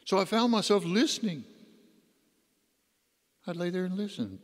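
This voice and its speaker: A man's voice: high-pitched, very animated, moderate pace, long pauses. Man telling a story from the pulpit, echoey. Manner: folksy storyteller, voice rising and dropping. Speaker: deacon. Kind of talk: homily, personal storytelling. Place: church. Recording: long church reverb.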